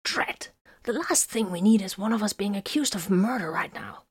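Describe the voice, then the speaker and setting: A woman's voice: medium pitch, moderate pace, slightly rough, dry recording, clean studio sound, natural voice. A woman voicing a commanding officer who gives clipped, urgent orders in an audiobook.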